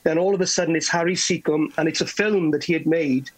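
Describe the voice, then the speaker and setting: Welsh guy from the west spinning a yarn, kinda husky, stammers and restarts a lot. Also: on the high side, quick pace, low-quality recording. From Wales. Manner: animated, stammering restarts, chuckling. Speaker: guest telling stories. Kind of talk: anecdotal storytelling.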